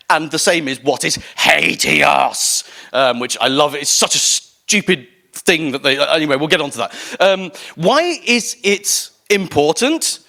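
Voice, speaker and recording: A man's voice: a little high, pushed and bright. An English man giving a chatty, self-mocking conference talk on stage, with many ums and restarts. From England. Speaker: conference speaker.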